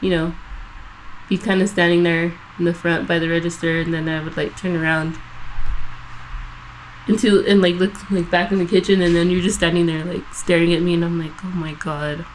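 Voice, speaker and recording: Swearing, animated woman telling a story. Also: fairly low pitch, normal speed, slight background noise, rough recording. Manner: animated, swears a lot, acts out quotes. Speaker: podcast co-host. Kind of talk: casual storytelling chat.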